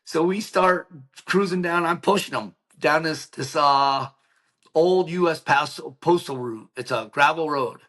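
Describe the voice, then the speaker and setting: His pitch sits fairly high and his pace is a little slow as this middle-aged podcast guest tells an emotional personal story in an interview. Animated throughout, he acts out what others said and keeps dropping "like" and "right?".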